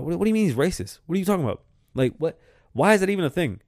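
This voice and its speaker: A man's voice: high voice, big pitch swings, fast, darkish tone, no echo. Male host, slightly raised voice, dry close sound, profane and repetitive ranter. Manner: blunt, profane and repetitive, building to heated outbursts. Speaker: show host. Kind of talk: opinion rant monologue.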